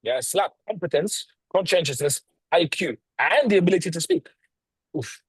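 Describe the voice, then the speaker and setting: A man coaching on a video call, talking bluntly and swearing freely, with a lively tonality, deliberate pauses and stressed words. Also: a little high, husky, dry recording, rough recording. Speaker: sales coach.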